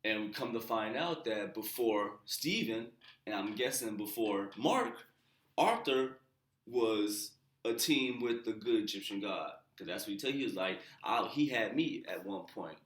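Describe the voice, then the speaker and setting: A man casually recapping a TV episode as a channel host, slangy and loose, with profane asides and quiet muttered side comments. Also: on the low side, lively intonation, a little slow. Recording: roomy echo.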